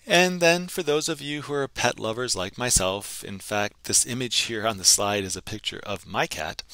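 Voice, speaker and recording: A man teaching a recorded language lesson, patiently explaining grammar and repeating phrases slowly for learners to copy. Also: on the low side, expressive, pushed and bright, dry recording. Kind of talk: pre-recorded lesson narration.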